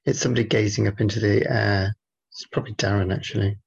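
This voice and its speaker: A man with a gravelly, husky voice, trading dry, deadpan teasing with his co-host in a loose podcast chat. The sound is dull and a little lo-fi, and the voice sits at an ordinary pitch. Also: quick pace. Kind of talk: casual podcast banter.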